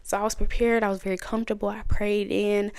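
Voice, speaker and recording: A woman's voice: medium pitch, little pitch movement, fast, darkish tone, clean tone. A woman hosting her own podcast, telling her story and teaching from the Bible in a chatty, conversational way. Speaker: podcast host. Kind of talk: casual testimony and Bible study talk.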